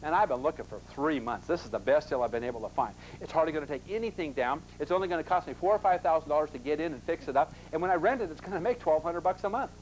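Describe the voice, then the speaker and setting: Guy doing a confident dude bragging about his deal, kinda high. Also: expressive, fast, few pauses, a little hiss or hum, natural voice, poor audio. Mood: pleased. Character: eager man proud of his property deal.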